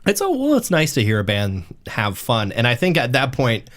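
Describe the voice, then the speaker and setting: A man's voice: mid-range voice, huge pitch swings, normal speed, fairly bright tone. A man co-hosting a casual music podcast, rambling and joking with frequent restarts. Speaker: podcast co-host. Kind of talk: casual chat.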